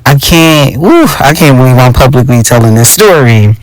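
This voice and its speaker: A young adult man with a Philadelphia accent telling a personal story in a casual, profane, animated monologue as podcast host. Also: mid-range voice, normal speed, no room sound, low-quality recording. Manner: animated, profane, addresses listeners as y'all.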